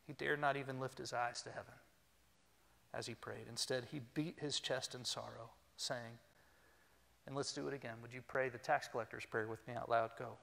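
A pastor delivering a sermon, animated and humorous, leading his congregation to speak along. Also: mid-range voice, normal speed, creaky. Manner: animated, humorous, leads the congregation in call-and-response. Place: church sanctuary. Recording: long reverb in a church hall.

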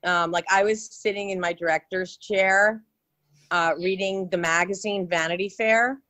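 An actress from New York, speaking at medium pitch and a moderate pace with no echo, is a guest in a casual interview. She tells chatty, animated stories with many restarts.

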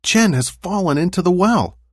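A man voicing an excited older brother in a children's storybook, crying out in alarm. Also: high voice, moderate pace, breathy edge, no echo, studio quality, pitched above the performer's own voice.

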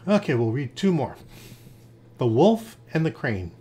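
A man reading fables aloud in a lively storytelling manner. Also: mid-range voice, unhurried.

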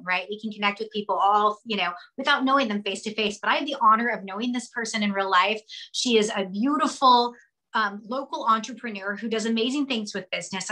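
Bright, effusive woman hosting a call. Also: mid-range voice, low-quality recording. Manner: effusive, encouraging, chatty. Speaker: host. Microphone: video call.

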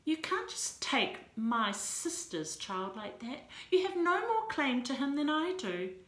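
A woman reading as a distraught young heroine, hurt and fierce, whose pleading climbs into sharp high cries. Her lines are slow and drawn out, and the room has a noticeable echo. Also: animated. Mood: distressed. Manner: pleading, rising to near-shrill outbursts. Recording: roomy echo.

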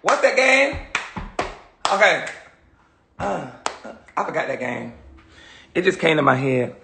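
Sassy woman with a gravelly edge. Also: a bass voice, measured pace, a little hiss or hum. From Atlanta, USA. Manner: sassy, animated, laughs often, breaks into song. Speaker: livestream host reading viewer comments. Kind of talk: casual livestream chat.

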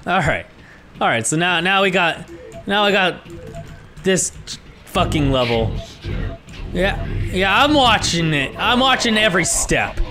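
A young man giving let's-play commentary on a horror game, excitable and swearing a lot, yelling when startled. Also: high-pitched, measured pace, long pauses, soft background music. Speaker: gaming YouTuber.

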